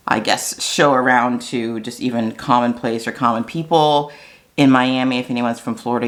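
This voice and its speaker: Chatty American woman vlogger. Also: extremely low pitch. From United States. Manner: chatty and animated, with fillers and asides. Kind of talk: casual chat to camera.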